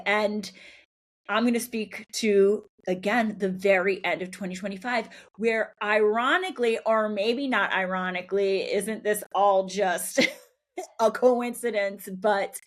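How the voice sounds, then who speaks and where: Unhurried reflective woman podcast host. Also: mid-range voice. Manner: unhurried and reflective, candid, with soft laughs between phrases. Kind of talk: solo storytelling podcast monologue.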